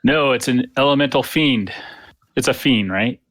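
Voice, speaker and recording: A man's voice: medium pitch, normal speed, fairly bright tone, no echo. A man talking casually as a player in a tabletop game, matter-of-fact and plain.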